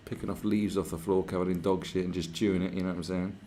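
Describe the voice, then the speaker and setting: A man's voice: low voice, level tone, fast talker, dark tone, slight background noise. A man chatting live on his stream, rambling and swearing freely as he reads out messages from viewers. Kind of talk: casual livestream chat. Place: where he is staying, not his home.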